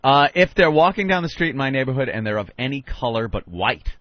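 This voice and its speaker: Radio co-host, male, animated and profane storyteller; dry, dull lo-fi studio sound. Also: medium pitch, fast, no echo. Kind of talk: casual talk radio banter. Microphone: studio microphone.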